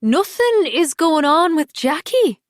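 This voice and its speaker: A woman's voice: high-pitched, sing-song, slow pace, no room sound, studio quality, voice pushed up, full character voice. Woman voicing a dismissive, exasperated husband. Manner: exasperated, brushing off accusations. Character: defensive, dismissive adult husband.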